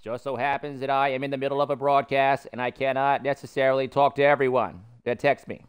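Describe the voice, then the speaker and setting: Doing let's-play commentary, this man impersonates a pompous cartoon mayor, rambling in an exaggerated politician voice. His mid-pitched voice is clear and resonant, delivered quickly and flatly, with a Boston-style accent that drifts toward Brooklyn.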